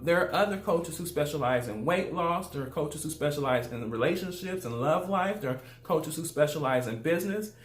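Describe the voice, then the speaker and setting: Southern-accented male life coach, higher voice, upbeat and chatty, roomy echo. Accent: Southern US, Louisiana. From Louisiana, USA. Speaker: life coach, channel host. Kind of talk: casual motivational talk to camera.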